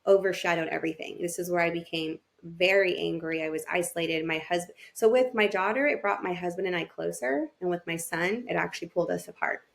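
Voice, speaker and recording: Low, gravelly-voiced woman telling her story. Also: a little fast, hardly any pauses. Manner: open and emotional, acts out her own past thoughts. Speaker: podcast guest, family therapist. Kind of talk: candid personal storytelling.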